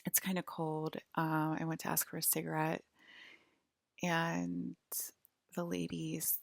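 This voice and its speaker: Young woman, vlogger, low creaky voice, dry close mic, rambling casual delivery. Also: completely flat delivery, takes it slowly, dry recording. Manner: rambling, heavy filler words.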